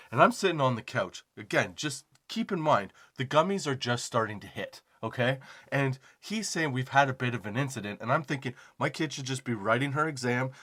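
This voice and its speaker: Male comedy podcaster, mid-pitch, rambling profane anecdote delivery. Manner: profane, rambling, animated anecdote with self-deprecating laughs. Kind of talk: comedic storytelling monologue.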